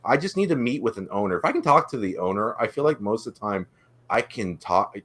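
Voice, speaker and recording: Eager, lowish-voiced man chatting. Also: animated, a little fast, fairly bright tone. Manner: eager, talks on and on. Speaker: guest vending operator. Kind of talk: casual livestream chat.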